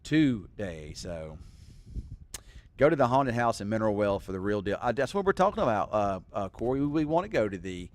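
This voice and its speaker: A man's voice: on the low side, brisk. A man hosting a weather livestream, chatting casually and teasing his co-host. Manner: relaxed, rambling, teasing. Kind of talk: casual chat.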